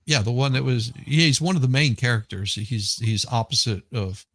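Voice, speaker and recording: A man's voice: mid-range voice, normal speed, a bit bright, no echo, clean studio sound. A man chatting casually on a live stream, rambling and restarting as he searches for names. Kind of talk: casual chat.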